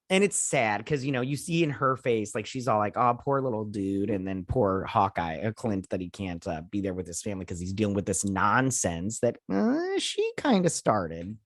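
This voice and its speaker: A man's voice: on the low side, fairly bright tone, no echo, clean studio sound. Rambling man recapping a show episode. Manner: rambling, many fillers, retells scenes in quoted voices. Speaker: host.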